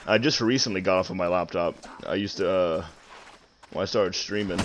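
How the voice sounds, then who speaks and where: A nineteen-year-old man hosting a live stream, talking easily with halting fillers. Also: low-pitched, lo-fi sound, noisy background. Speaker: streamer host. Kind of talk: casual live-stream chat.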